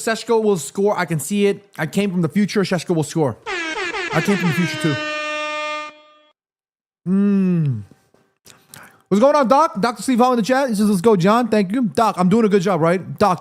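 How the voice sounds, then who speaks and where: A man from Korea hosting a live football watchalong stream, reading chat aloud, eating snacks and reacting loudly to the match. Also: sits high, fairly quick. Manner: chatty, reads chat aloud, excited shouts at match action.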